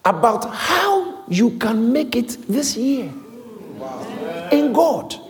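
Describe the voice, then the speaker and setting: A man preaching a sermon in a large hall, with lively repetitions and call-and-response to the congregation. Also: very high-pitched, takes it slowly. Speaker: pastor. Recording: echoey hall.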